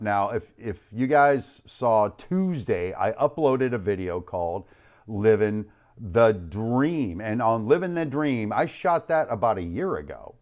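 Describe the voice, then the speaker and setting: A man hosts a live stream in a hyped, joking way. His voice swings widely between high bursts and low, trailing endings. He is speaking into a studio mic. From United States. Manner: hyped, playful, shouts out chat names, trails off low. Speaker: host of a live online show. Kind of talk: energetic live-stream chat.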